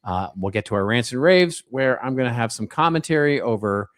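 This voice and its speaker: A man's voice: mid-range voice, animated, brisk, no room sound, clean studio sound. A man co-hosting a podcast, chatting casually, joking and laughing easily. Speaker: podcast co-host.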